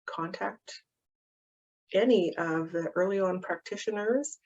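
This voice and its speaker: A woman practitioner gently and patiently walking parents through a calming activity for children, with frequent ums. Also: mid-range voice, slow. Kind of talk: instructional walkthrough of a calming activity. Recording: dull, muffled audio.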